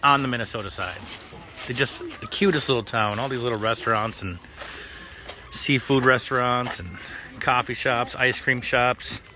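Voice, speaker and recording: A middle-aged man giving relaxed, chatty tour-guide commentary for a family travel vlog, recorded outdoors on a handheld camera. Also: medium pitch, normal speed, slight background noise. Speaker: family vlogger. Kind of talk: casual travel vlog narration. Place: outdoors on a lake and trails.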